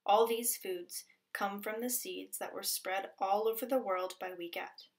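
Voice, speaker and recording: Her mid-range voice unhurried, a bit slow, a teacher from the Pacific Northwest coast reads a storybook with gentle expression. At moments she lowers it to a soft whisper.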